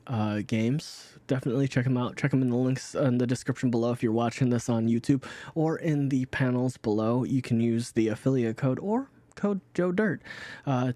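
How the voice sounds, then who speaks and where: A man's voice: mid-range voice, warm tone, no echo. A man hosting as game master, reading sponsors in a rambling, casual way, with hiccups and many restarts. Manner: rambling, restarts, laughs easily. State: has the hiccups.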